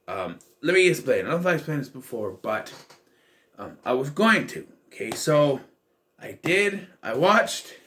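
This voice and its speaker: A man's voice: medium pitch, fairly bright tone, slight background noise. A man giving a casual spoken film review, rambling with fillers and restarts, wry and sarcastic. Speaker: movie reviewer.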